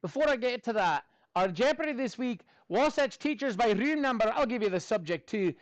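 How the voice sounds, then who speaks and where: A male math teacher with a notably high voice, recorded dry and close with almost no room sound. He runs his classroom in an upbeat, chatty way, slipping jokey asides in between the lesson steps. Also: animated, brisk, dry recording.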